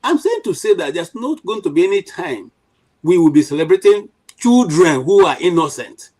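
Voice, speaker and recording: A middle-aged Nigerian man speaks with a fairly high voice and plenty of fire. He argues his point emphatically on a panel, often restarting his sentences and filling gaps with "you know". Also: very animated, normal speed, darkish tone, low-quality recording. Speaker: panel commentator. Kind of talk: impassioned political commentary.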